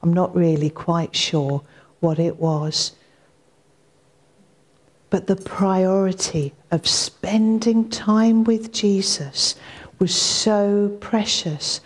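Slow, earnest woman giving a sermon. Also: medium pitch. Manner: earnest, reflective, repeats key lines for emphasis. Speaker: preacher.

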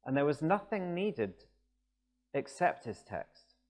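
A man's voice: a little high, big pitch swings, slow, a little mellow. A man preaching a sermon in a conversational, storytelling way that rises to emphatic passages. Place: church, also streamed.

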